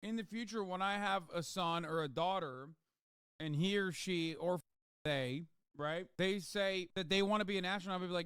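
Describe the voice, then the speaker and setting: A man's voice: high-pitched, normal speed, fairly bright tone, clean tone, dry recording, clean studio sound. A man doing livestream commentary, ranting sarcastically with plenty of swearing.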